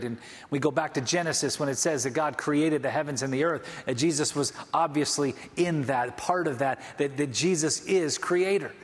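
Impassioned male preacher in a reverberant hall. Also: on the high side. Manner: impassioned preaching with repeated restarts. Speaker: pastor. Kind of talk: sermon.

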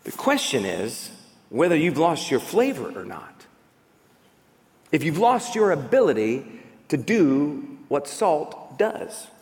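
A man's voice: a little high, very animated, takes it slowly, a little mellow, long reverb tail. A man preaching a sermon as a pastor, emphatic and full of rhetorical questions.

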